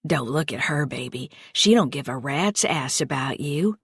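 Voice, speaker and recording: A woman's voice: very deep voice, animated, normal speed, husky, no room sound, clean studio sound, voice pushed down, heavily acted. A woman voicing a coaxing, menacing female caretaker who talks in a crude drawl in an audiobook thriller.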